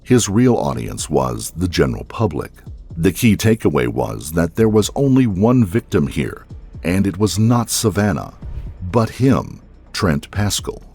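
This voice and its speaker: Deep husky man narrating true crime. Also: sing-song, darkish tone, soft background music. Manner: measured storytelling delivery.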